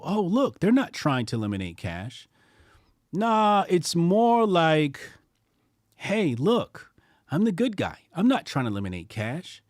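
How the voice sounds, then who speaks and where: A man's voice: fairly low pitch, no echo, studio quality. A man hosting an online news commentary show, reacting to clips with sarcastic asides. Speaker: host.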